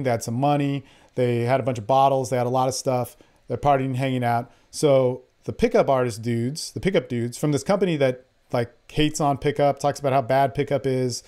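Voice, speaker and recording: A man's voice: mid-range voice, darkish tone. A man who works as a dating coach, talking in an angry, profane, rambling monologue. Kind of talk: impassioned monologue.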